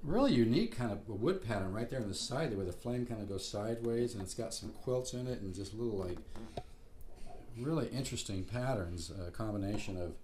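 In a home room near the beach, a guitar teacher gives a casual lesson, rambling loosely and restarting his sentences. His voice is lowish, animated and brisk with a darkish tone. Guitar playing sits clearly under his voice, with slight background noise.

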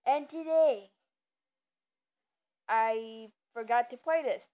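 Woman chattering slow over a game, lots of ums, muffled audio w quiet music behind. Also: fairly high pitch. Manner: rambling, hesitant, many ums and stumbles. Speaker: gamer. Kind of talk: casual game commentary.

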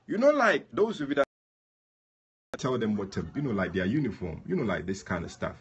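A man's voice: mid-range voice, big pitch swings, a little fast, highs cut off. A man leading a prayer livestream, chatting casually and addressing viewers by name.

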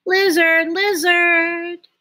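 A woman's voice: very high-pitched, level tone, extremely slow, pushed and bright, pitched above the performer's own voice, full character voice. A woman reading a storybook aloud, voicing a small, eager, timid male mouse who stammers and calls out breathlessly. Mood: urgent.

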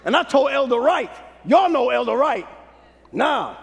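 A man from Brooklyn, a pastor preaching a sermon in call-and-response style, dropping to a hush and rising to shouts. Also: very high-pitched, big pitch swings, moderate pace, gravelly. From Brooklyn, New York. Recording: long hall reverb.

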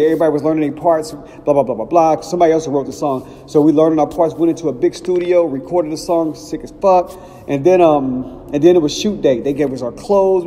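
Man telling stories in a reverberant room. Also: fairly high pitch. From Cincinnati, Ohio. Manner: animated, acts out quotes. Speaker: podcast host. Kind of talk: casual storytelling. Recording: long reverb, faint background noise.

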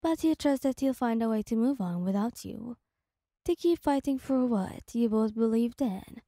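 A woman narrating a second-person ASMR story in a soft, slow, gentle reading voice. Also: fairly high pitch, animated, no echo, studio quality.

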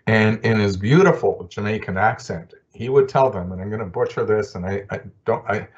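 An older man and social worker giving a conversational talk with stories, often pausing on fillers. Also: on the low side, muffled recording. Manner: storytelling, conversational with frequent fillers. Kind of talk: recorded professional talk.

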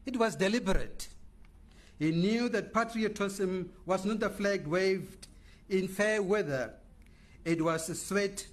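Slow, high-voiced man giving a eulogy. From Namibia. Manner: measured, oratorical, lists words with pauses. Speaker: memorial speaker. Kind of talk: formal eulogy speech.

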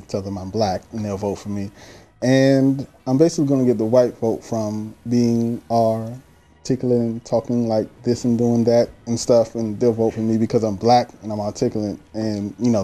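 A man's voice: lowish voice, warm tone. A male comedian playing a pompous, scheming presidential candidate who brags in over-the-top campaign speechifying. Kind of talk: stand-up comedy sketch.

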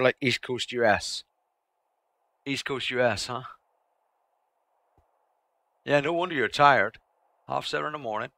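Male streamer, gravelly and bright, rambling chat with viewers. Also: mid-range voice, dry recording. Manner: rambling, chatty, repeats himself. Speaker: game streamer.

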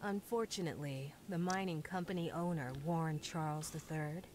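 Game quest-giver, a woman reading, low steady voice, matter-of-fact briefing. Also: moderate pace, a little hiss or hum, close to an everyday voice. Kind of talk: game character dialogue.

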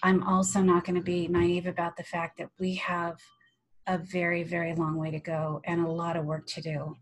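A woman's voice: lowish voice, moderate pace, poor audio. Candid storytelling woman on a video call. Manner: candid, animated storyteller, swears casually. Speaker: panelist. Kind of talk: casual panel discussion.

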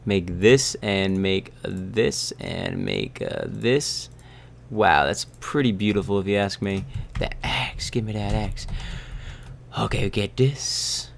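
Speaking slowly in a lowish, sing-song, creaky voice, this young man rambles goofily through a gameplay session as a YouTuber. He's right up on a close desk mic, swinging between sudden shouting and whispers.

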